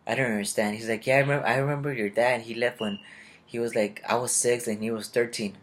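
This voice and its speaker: A man's voice: mid-range voice, fairly even intonation, quick pace. A young man casually telling a rambling personal story and acting out the people he met. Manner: rambling, confused, retells conversations in quotes. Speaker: vlogger.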